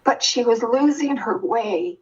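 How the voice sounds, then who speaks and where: An older woman speaks with a slightly husky, breathy voice as she tells a personal story in earnest. She restarts her sentences often and grows animated as the story builds. The sound is muffled and lo-fi. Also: fairly high pitch, unhurried. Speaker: guest sharing her experience.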